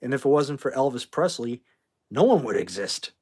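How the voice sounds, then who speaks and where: A man's voice: mid-range voice, sing-song, moderate pace, a little mellow, husky. Rambling man hosting a livestream. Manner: rambling, flares up angrily at chat commenters, swears. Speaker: livestream host. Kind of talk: casual livestream chat. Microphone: phone.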